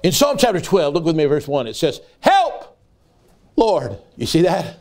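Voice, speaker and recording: An older man preaching a sermon as an evangelist. He moves from folksy storytelling to rising, loud preaching cries. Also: a little high, very animated, a little fast.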